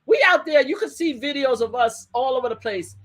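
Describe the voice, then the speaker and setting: Animated woman retelling a courtroom day. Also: sits high, fairly quick. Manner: lively retelling with quoted voices and laughter. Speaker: survivor advocate. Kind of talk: animated interview storytelling.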